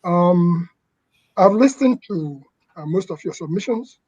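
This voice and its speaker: A man from the audience speaks haltingly, pausing on uh and um. His voice is fairly high for a man and dark in tone. The audio is dull and lo-fi, with a dry, close sound. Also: animated, breathy edge, no echo. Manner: halting, many fillers. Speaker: audience member asking a question.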